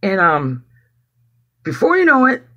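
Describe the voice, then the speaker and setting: Man, husky, higher pitch, animated delivery, rambling, swears a lot, casual testimony. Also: measured pace, dull audio. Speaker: activist giving testimony. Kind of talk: casual personal storytelling.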